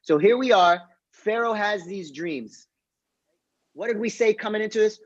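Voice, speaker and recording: A young man, a rabbi, teaching a casual online class and retelling a story in a joking, lively way. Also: high voice, normal speed, lo-fi sound. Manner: lively, jokey retelling with voiced characters. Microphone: video call.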